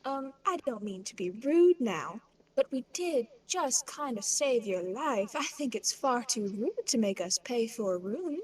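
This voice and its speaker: Higher-voiced woman playing a game. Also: lively intonation, unhurried, darkish tone. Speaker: player. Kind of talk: tabletop game play.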